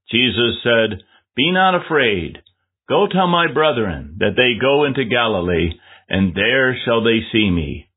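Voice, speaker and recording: A man preaching a measured, earnest sermon with scripture reading. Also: medium pitch, slightly rough. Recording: tinny phone-like lo-fi audio.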